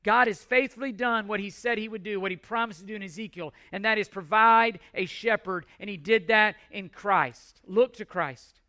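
A male pastor preaching a sermon, emphatic and repetitive, with measured pauses. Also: high-pitched, sharp tone.

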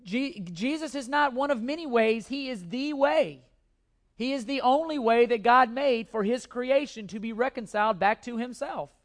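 A man's voice: extremely high pitch, moderate pace. A male pastor preaching a sermon with emphatic repetition and occasional restarts.

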